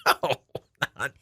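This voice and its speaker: A man co-hosting a morning radio show, teasing his co-host in casual banter and mimicking her yells. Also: no echo, clean studio sound. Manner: teasing, mimics others with loud exaggerated yells.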